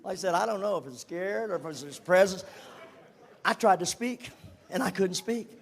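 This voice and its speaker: An older man tells a personal story to a congregation in a high voice. He is animated and drops to a whisper for emphasis, then rises again. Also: normal speed. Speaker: speaker giving a testimony.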